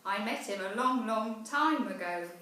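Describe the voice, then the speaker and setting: A woman voicing a big father Gruffalo monster who gives firm, emphatic warnings. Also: fairly high pitch, expressive, unhurried, sharp tone. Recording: echoey room, far mic.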